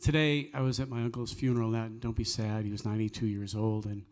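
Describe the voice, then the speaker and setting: A man's voice: fairly low pitch, flat delivery, quick pace, darkish tone. A man, hosting a live cafe music night, telling stories earnestly and preaching with jokey asides. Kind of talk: folksy storytelling with preaching.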